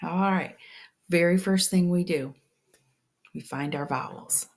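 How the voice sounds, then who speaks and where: A woman teaching a phonics lesson step by step, patient and slow, often dropping to a whisper. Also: on the low side, darkish tone.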